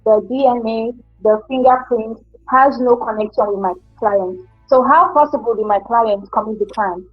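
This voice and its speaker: Woman as insistent defense lawyer, high husky voice, dry dull sound, faint music. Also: normal speed, few pauses, no room sound. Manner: insistent, repeating phrases, formal. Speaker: defense attorney in a mock trial. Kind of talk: student courtroom role-play.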